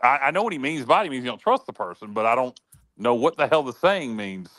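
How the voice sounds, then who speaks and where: A man hosting a sports talk show, telling folksy sayings with many halting restarts. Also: mid-range voice, sing-song, a bit bright, no echo. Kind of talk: casual chat.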